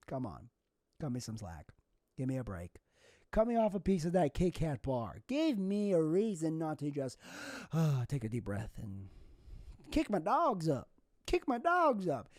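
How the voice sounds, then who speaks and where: A man's voice: fairly high pitch, mellow, dry recording, studio quality. A young man hosting a solo comedy podcast, rambling through goofy, absurd tangents. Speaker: podcast host.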